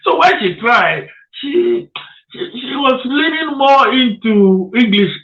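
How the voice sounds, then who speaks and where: High bright-voiced Nigerian Pidgin radio host. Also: male voice, slow, creaky, roomy sound, dull audio. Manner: animated, laughs as he speaks. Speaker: radio talk show host. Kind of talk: radio interview.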